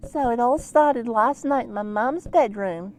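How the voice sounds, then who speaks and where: A man's voice: extremely high pitch, unhurried, a little mellow. A man doing a rambling little boy puppy. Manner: rambling, forgetful storytelling. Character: rambling young boy puppy, easily sidetracked.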